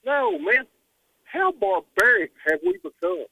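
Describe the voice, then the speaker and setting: A man's voice: high voice, very animated, measured pace, dry recording. A man calling into a radio show, talking emphatically and repeating his points over a phone line. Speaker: caller. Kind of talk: call-in radio talk.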